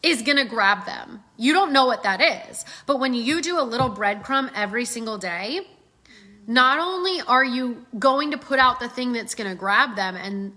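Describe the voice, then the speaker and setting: A middle-aged woman giving casual sales coaching, animated and acting out customer voices as she talks. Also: on the high side. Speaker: sales trainer.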